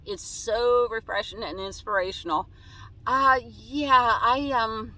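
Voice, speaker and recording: In a low-quality recording, a bright, forceful woman's voice of medium pitch reads viewer comments aloud from inside her van and responds to each in a casual chat.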